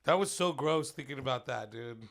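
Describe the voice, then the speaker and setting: A man's voice: mid-range voice, expressive, a little fast, creaky, fairly bright tone. A man co-hosting a comedy history podcast, reacting in laid-back, profane casual chat. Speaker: podcast co-host.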